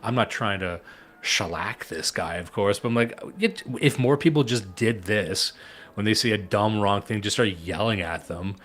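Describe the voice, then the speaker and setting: Low-voiced sarcastic man, swearing. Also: moderate pace, a bit bright. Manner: profane, sarcastic, laughs often. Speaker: co-host of a live stream. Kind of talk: casual live-stream talk.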